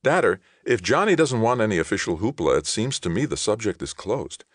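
Male reader doing a sardonic teenage boy, raised pitch, lively delivery. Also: a little fast, vocal fry, no room sound, clean studio sound, heavily acted. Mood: wry. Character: teenage younger brother, quiet then sharp.

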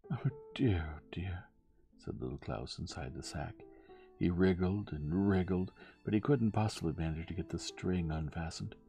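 A man gently reading a bedtime story aloud as the narrator. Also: deep voice, gravelly.

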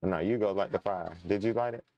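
A man's voice: fairly low pitch, a little fast, lo-fi sound. A young man casually commenting while playing a game, chatting to his viewers and muttering when frustrated. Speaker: gaming channel host. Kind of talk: casual let's-play commentary.

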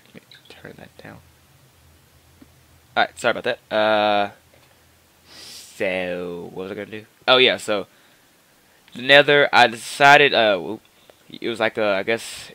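A man's voice: on the low side, steady tone, moderate pace, pushed and bright, clear, resonant tone, no echo. A man giving rambling, casual gameplay commentary into his own microphone, full of fillers and restarts. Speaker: gaming channel host. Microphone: personal microphone.

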